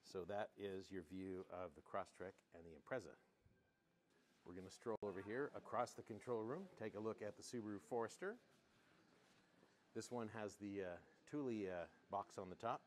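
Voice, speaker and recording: A man working as a car salesman gives a casual walkaround demo indoors, talking in a hushed golf announcer voice. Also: fairly low pitch, moderate pace, a little hiss or hum.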